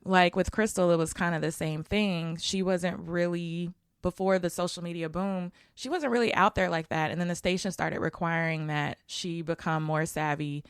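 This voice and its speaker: A woman's voice: on the low side, fairly even intonation, moderate pace, hardly any pauses, smooth, dry recording, clean studio sound. A woman hosting a podcast interview in casual chat, talkative and laughing often. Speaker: podcast host.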